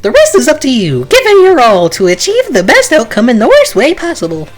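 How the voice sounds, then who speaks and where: A streamer reading a game aloud and voicing a gleefully cruel cartoon bear mastermind with a high, bouncy, sing-song delivery. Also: huge pitch swings, fairly quick, heavily acted. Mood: gleefully menacing.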